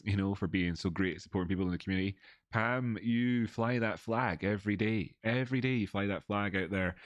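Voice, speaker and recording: A man's voice: low-pitched, no room sound. Edinburgh-accented man rambling on a livestream. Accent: Edinburgh Scottish. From Scotland. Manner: rambling, restarts often, reads out donor messages. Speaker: livestream host. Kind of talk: casual livestream chat.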